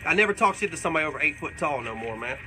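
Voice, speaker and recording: A man's voice: fairly high pitch, expressive, very fast, noisy background, lightly acted. A man playing a crude, boastful redneck character who rambles through tall tales and swears constantly during a comedic livestream Q&A. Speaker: comedic character answering fan questions.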